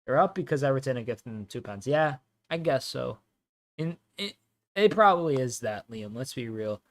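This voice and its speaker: A young man hosting a live football watch-along, chatting casually in slang and breaking into loud, high outbursts at the action.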